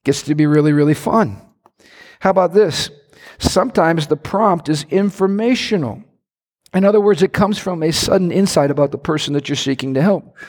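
A middle-aged man with a somewhat high voice preaches a sermon as a pastor. He tells stories with an animated delivery, his pitch swinging up and down, and often asks his congregation questions. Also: normal speed.

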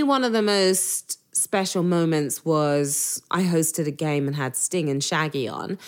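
A woman with an English accent chats as a podcast guest, her voice sitting a little low. She tells her stories with animation, playing out the voices of the people in them. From England. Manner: animated storyteller, acts out quoted voices. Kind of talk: casual interview chat.

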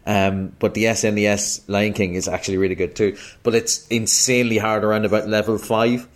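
Irish man with a lowish voice, a self-deprecating podcast guest who laughs easily. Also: flat delivery, a little fast. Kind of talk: casual podcast chat.

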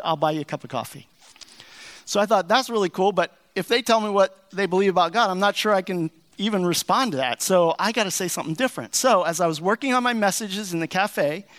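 A man's voice: high voice, fairly bright tone. A middle-aged American man, a pastor, telling a personal story in a sermon in an earnest, folksy way. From United States.

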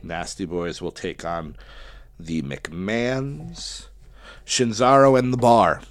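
A man's voice: lowish voice, slow pace, dry recording. A man casually talking through his picks for a wrestling tournament, chatty and thinking aloud as he goes. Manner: chatty, thinking aloud while picking winners. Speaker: wrestling podcast host. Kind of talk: casual solo commentary.

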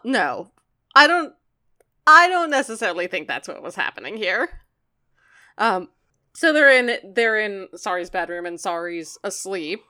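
A woman co-hosting a podcast, casually recapping a cartoon episode and acting out the characters' lines. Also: medium pitch. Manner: animated, acts out quotes. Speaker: podcast co-host.

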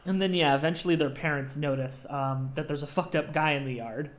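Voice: medium pitch, brisk. Enthusiastic podcaster laughing through a recap. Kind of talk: casual movie recap chat.

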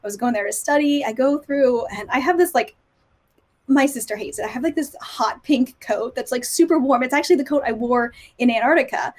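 A woman's voice: high-pitched, fairly quick. Chatty, giggly woman in her thirties. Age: 30s. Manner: chatty, giggly, acts out quoted voices. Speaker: guest author. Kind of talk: casual podcast chat.

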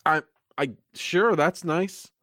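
A man chatting casually, playful and quick to laugh, often bemused. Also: a little high, pushed and bright, dry recording, studio quality. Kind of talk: casual chat.

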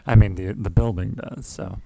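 A man's voice: on the low side, fairly even intonation, normal speed, gravelly, mellow, no echo. A man co-hosting a podcast in casual chat, dry and rambling with many fillers. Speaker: podcast co-host.

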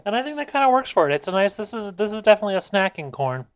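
A podcast co-host in a casual snack-tasting chat, relaxed and wry, often restarting sentences while eating. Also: mid-range voice. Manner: relaxed, wry, halting restarts, mouth full.

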